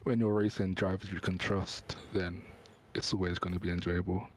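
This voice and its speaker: Male sim driver, soft-spoken, hesitant, lowish voice, remote call. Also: level tone, moderate pace. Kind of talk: post-race interview answers.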